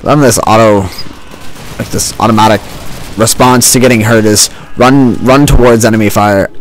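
A man with a fairly low voice talks through his gameplay in a loose, joking, sarcastic way. He records at home on a desk mic wrapped in a makeshift pop filter. Faint game noise sits behind him. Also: little pitch movement, moderate pace. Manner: joking, sarcastic running commentary. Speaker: gaming channel host. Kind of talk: let's-play commentary. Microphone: home desk mic with a homemade pantyhose pop filter.

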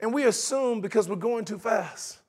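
A man preaching a sermon in a conversational, animated way, acting out quotes and laughing along with his points. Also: high voice, normal speed, slightly rough.

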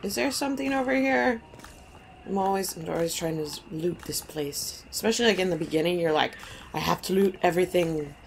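A woman's voice: lowish voice, fairly quick, vocal fry, slight background noise. A woman hosting a let's play, commenting casually on gameplay in a chatty, goofy, self-deprecating way.

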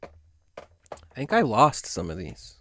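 A hoarse man hosting a casual live stream, chatting in a rambling way and laughing often. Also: mid-range voice, wildly swooping pitch, measured pace, fairly bright tone. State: hoarse from long talking.

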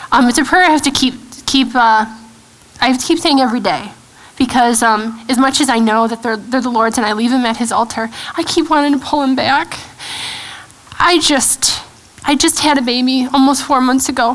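A woman in her thirties shares a personal testimony at a church gathering. Her voice sits a little high, and she talks earnestly, stopping and restarting as she searches for words. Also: fairly bright tone, low-quality recording. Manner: earnest, halting, with frequent restarts and fillers. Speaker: guest speaker. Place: church event hall.

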